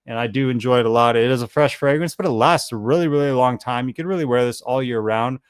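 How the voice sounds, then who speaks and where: Chatty American man, smooth voice. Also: medium pitch, quick pace, dry recording. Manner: chatty, rambling, self-deprecating. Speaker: fragrance channel host. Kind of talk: casual live-stream chat.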